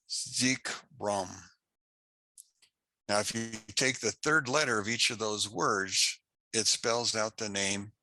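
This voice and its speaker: A man teaching an unscripted Bible class, telling a story slowly and haltingly with many restarts. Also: fairly low pitch, sharp tone, dry recording. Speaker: Torah teacher.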